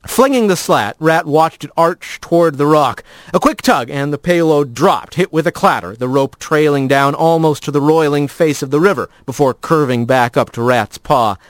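Lively, expressive radio storyteller. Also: mid-range voice, normal speed, no room sound. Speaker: radio story reader and host. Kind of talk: scripted narration of fiction.

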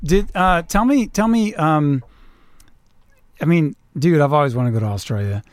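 A man hosting a casual radio chat in a studio, talking haltingly with lots of fillers. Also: on the high side, animated, no room sound. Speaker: radio show host.

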